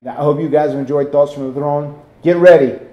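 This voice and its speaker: A man in his forties from North Carolina, a wrestler hosting his own video segment, telling stories and hyping an event with an energetic, restarting delivery. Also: a little high, fast, highs cut off. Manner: energetic, hype-building promo delivery with frequent restarts. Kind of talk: casual promotional monologue and storytelling.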